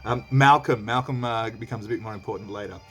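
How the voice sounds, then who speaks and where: A man's voice: on the low side, fast, fairly bright tone, breathy edge. A man teaching a play, explaining lines in a casual, chatty way with frequent fillers. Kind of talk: explaining a play while reading aloud. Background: faint background music.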